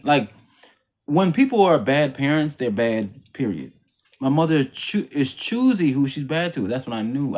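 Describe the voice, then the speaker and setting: This vlogger has a mid-range, slightly mellow voice. He recounts his life as a religious testimony, rambling casually, repeating himself, and hammering points home in religious terms.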